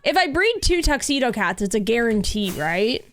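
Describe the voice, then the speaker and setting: A woman streaming a video game in casual chat, cooing over cute cats and lapsing into soft baby talk to her pet. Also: a little high, very animated, moderate pace, a little hiss or hum. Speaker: livestreamer. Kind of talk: casual gameplay livestream chat.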